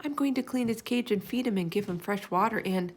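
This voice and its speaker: A woman voicing an eager, chatty young girl in a storybook, talking in bright, excited bursts. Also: medium pitch, fairly quick, voice pushed up, close to an everyday voice. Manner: bright, excited, tumbling sentences.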